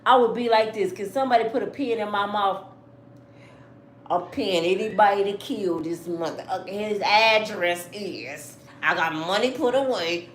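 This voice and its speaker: A woman from Michigan who hosts a livestream and tells her own stories to viewers in a blunt, animated, outspoken way. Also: mid-range voice, measured pace, reverberant, slight background noise. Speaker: livestream host. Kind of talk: casual storytelling to viewers.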